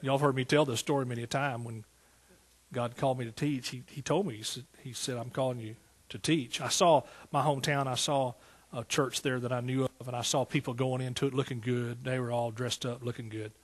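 A man's voice: mid-range voice, steady tone, a little fast, breathy edge. A man, a pastor preaching a sermon in a folksy, storytelling way that rises to emphatic praise. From East Texas.

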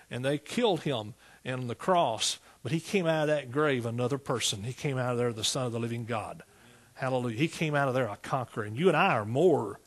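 A pastor preaching a sermon, telling his own story in a lively way and often breaking into exclamations of praise. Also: medium pitch, slightly rough.

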